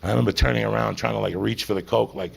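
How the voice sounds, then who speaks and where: A man's voice: lowish voice, steady tone, very fast, very noisy. A middle-aged man doing stand-up comedy, telling a long confessional story to the crowd in a profane, rambling way. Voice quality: gravelly, husky voice.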